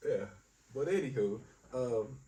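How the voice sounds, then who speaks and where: A man's voice: medium pitch, measured pace. A man co-hosting a casual podcast chat, telling stories with lots of laughter and acting out other people's lines. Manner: animated storyteller, laughs often, acts out quotes. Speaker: podcast co-host. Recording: mic a bit distant, faint room noise.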